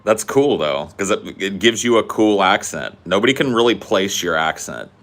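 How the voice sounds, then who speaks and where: A man's voice: fairly low pitch, big pitch swings, normal speed, fairly bright tone. A man from the United States co-hosting a podcast, trading casual banter and ranting in a profane, teasing way. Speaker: podcast co-host.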